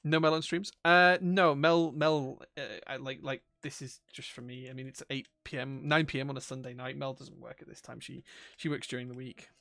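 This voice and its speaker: A man's voice: mid-range voice, steady tone, normal speed, creaky, hardly any pauses, pushed and bright, dry recording, studio quality. A man, chatting casually on a live stream while he builds a keyboard. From England. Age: 40s. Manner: chatty, self-deprecating, reads chat aloud.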